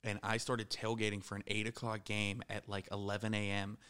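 A man's voice: on the low side, monotone, fairly quick, bright, forceful tone, clean tone. A man in his thirties from the Pittsburgh area, telling rowdy, profane stories as a guest in a casual podcast chat. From Pittsburgh area, USA.

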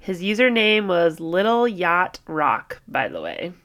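A woman's voice: fairly low pitch, big pitch swings, a little slow, a bit bright. A young woman co-hosting a true crime podcast in casual chat, talking freely with swearing and frequent laughter. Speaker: podcast co-host.

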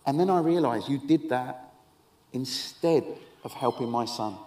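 A man preaching a sermon to an audience, telling a story with lively, wry humorous asides. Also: medium pitch, measured pace. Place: event hall with an audience.

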